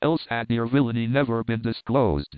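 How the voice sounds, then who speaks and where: A man's voice: medium pitch, steady tone, moderate pace, clean tone, no room sound, natural voice. Angry medieval king, commanding and accusing, read by a man, dry, narrow-band audio. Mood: wrathful. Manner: stern, accusing.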